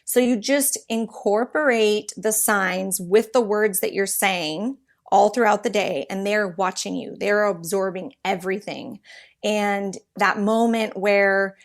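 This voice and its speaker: A woman in her thirties, a podcast guest, telling animated, rambling stories with quick restarts. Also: medium pitch. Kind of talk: casual interview storytelling.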